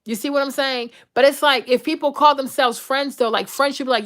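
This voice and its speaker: A woman's voice: high voice, brisk, a bit bright. A woman vlogger in a blunt, profane, unscripted rant, acting out the lines of the people in her stories. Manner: blunt, profane, acts out quoted dialogue.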